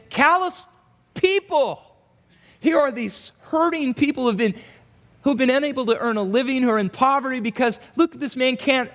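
A male pastor preaching an expository sermon in an animated way, acting out quoted asides in voices. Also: very high-pitched.

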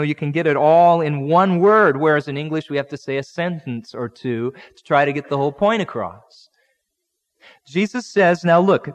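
A male pastor preaching a conversational sermon, acting out the people in the Bible story in everyday speech. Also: fairly high pitch. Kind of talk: expository sermon. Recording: long hall reverb.

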